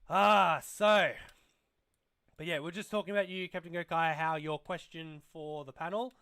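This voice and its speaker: A man's voice: on the high side, steady tone, moderate pace, bright, forceful tone, clear, resonant tone. A young man hosting a casual toy livestream, rambling and swearing freely as he reads chat aloud. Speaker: livestream host.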